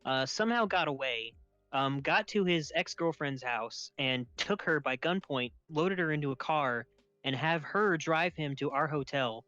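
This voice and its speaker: A man's voice: on the high side, a little slow, bright, forceful tone, no room sound, soft background music. A young man with a slightly raised voice tells a story in loose, casual chat, laughing often and swearing freely. The sound is dull and lo-fi, close and dry with no room around it. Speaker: podcast host.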